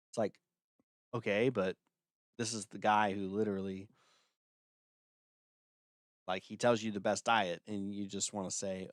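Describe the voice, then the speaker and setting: A man's voice: on the low side, level tone, normal speed, pauses often, dry recording, clean studio sound. A man hosting a livestream, talking casually in a blunt, dismissive way with lots of filler words. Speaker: livestream host.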